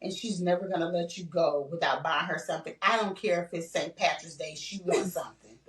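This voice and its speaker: An older woman with a lowish voice tells her story in an earnest, conversational way, circling back and repeating herself. She sounds a little far from the microphone in a roomy, echoey space. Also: fairly quick. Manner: earnest, repetitive storytelling with "you know, like". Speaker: guest sharing her story. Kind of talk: candid podcast conversation. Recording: roomy, distant mic.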